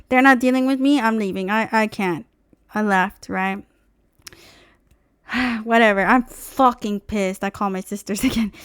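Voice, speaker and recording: A young woman vlogger telling a story in an exasperated, profane, animated rant. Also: mid-range voice, clean tone, dry recording, clean studio sound.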